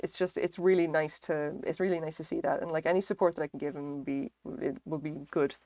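A woman with a lilt chats away to her stream, her voice sitting on the lower side. She rambles, curses casually and pokes fun at herself. The sound is dry and close, with no room around it. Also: steady tone, fast talker, mellow, no room sound. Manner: rambling, self-deprecating, swears freely. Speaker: livestreamer. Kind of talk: casual live-stream chat. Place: home craft stream setup.

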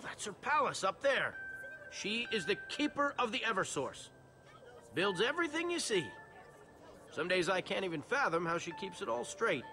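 A puffed-up guard captain who speaks in a hearty, pompous way. His voice is high and lively. Game music runs under him. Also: moderate pace. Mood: jovial. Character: jovial, self-important male guard captain. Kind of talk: video game voice acting.

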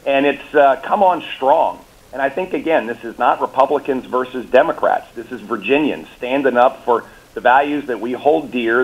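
A man's voice: mid-range voice, dull audio. A man, a governor, being interviewed on talk radio, confident and upbeat, repeating words as he restarts his talking points. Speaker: governor, guest. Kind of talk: political interview by phone or remote.

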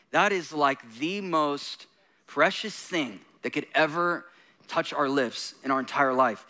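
A man's voice: a little high, animated, a little slow, sharp tone. A man preaching a sermon, mixing laughing, self-deprecating jokes with intense points. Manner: laughing often while talking. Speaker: guest preacher.

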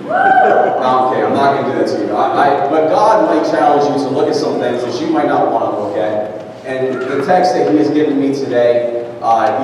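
A man preaching a conversational sermon, reading scripture slowly. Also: mid-range voice, darkish tone, slight background noise. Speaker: pastor. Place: large church sanctuary. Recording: echoey church hall from far off.

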